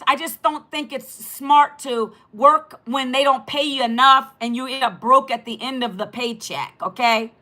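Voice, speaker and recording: A woman in her fifties from Northern Virginia with a raspy voice, talking bluntly straight to her viewers on a phone live stream. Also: high-pitched, measured pace, few pauses, bright, forceful tone. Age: 50s. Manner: blunt, talks straight at the chat. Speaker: livestream host.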